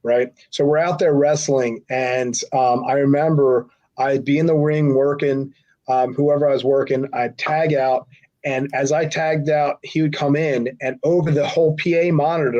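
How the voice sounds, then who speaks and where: A middle-aged man at a middle pitch tells a long anecdote in a loose, rambling way, slipping into voices for the people he quotes. The recording sounds a little dull and lo-fi. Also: fairly even intonation, normal speed, a little mellow. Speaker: podcast guest, former wrestler. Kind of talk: casual storytelling. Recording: slightly dull lo-fi audio.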